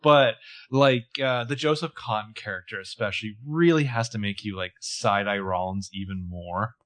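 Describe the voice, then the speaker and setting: A man's voice: on the low side, normal speed. Playful man joking on a podcast. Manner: joking, playful riffs, animated asides. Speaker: podcast co-host recapping a TV episode. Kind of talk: casual chat.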